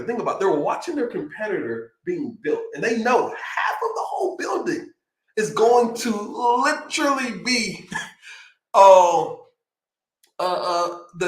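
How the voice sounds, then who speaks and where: Excitable man hosting a live stream. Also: high voice, roomy sound. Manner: loose and rambling, excitable. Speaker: live show host. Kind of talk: casual livestream talk. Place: home streaming setup near Austin, Texas.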